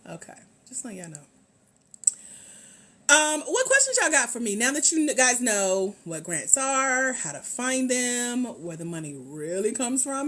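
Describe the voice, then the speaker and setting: A woman's voice: medium pitch, breathy edge. A woman hosting a casual livestream about grants, talking chattily and greeting viewers by name. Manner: lively, chatty, drawn-out repetition, calls out viewers by name. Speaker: livestream host, grants mentor.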